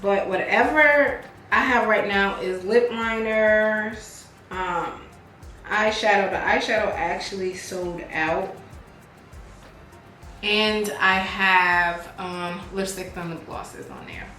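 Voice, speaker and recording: A woman talks to her viewers like friends while she does her makeup. Her chat is animated and personal. She is recorded in an echoey room with faint music playing. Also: mid-range voice, slow. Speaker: beauty vlogger and business owner.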